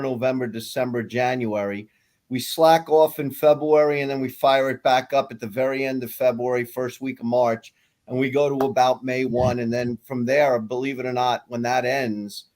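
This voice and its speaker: A man, a fly fishing guide and author, chatting casually on a podcast in an animated, self-mocking way. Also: mid-range voice.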